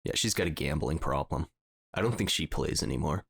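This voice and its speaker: A man's voice: extremely low pitch, lively intonation, brisk, vocal fry, fairly bright tone, slightly rough, no echo, studio quality. A young man co-hosting a podcast, chatting casually and rambling with lots of fillers. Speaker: podcast co-host. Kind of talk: casual chat.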